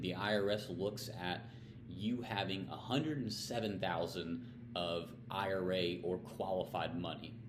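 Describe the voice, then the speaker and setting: Deep-voiced man explaining finances. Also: echoey room, background noise. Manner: conversational, plain-spoken, asks and answers his own questions. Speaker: financial advisor hosting a weekly tip series. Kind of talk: casual explainer talking to camera.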